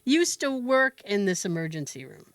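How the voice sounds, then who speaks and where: A woman hosting a podcast, telling a story in a casual, animated way with laughs and swearing. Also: medium pitch, normal speed, no room sound. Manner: animated, laughing, profane, with fillers. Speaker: podcast host.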